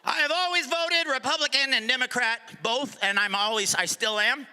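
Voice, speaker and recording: A middle-aged male stand-up comedian performing a live set, sarcastic, sometimes dropping to a low mutter for asides. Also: moderate pace, pushed and bright, clear, resonant tone. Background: audience laughter.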